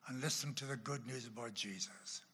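A man, a pastor, telling a story in an animated sermon and breaking into loud bursts now and then. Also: medium pitch, fairly quick, creaky, husky, big-room sound. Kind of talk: storytelling sermon at a church class.

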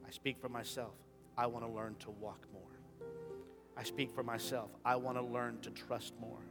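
A man preaching a sermon as pastor, shifting from quiet talk into sudden loud impassioned rises. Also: medium pitch, normal speed, music in the background. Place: church sanctuary.

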